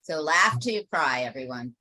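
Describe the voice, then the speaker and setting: Woman webinar host, low and bright, lively storyteller, dry sound. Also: moderate pace, no echo, low-quality recording. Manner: animated, laughing storyteller. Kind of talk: casual group discussion.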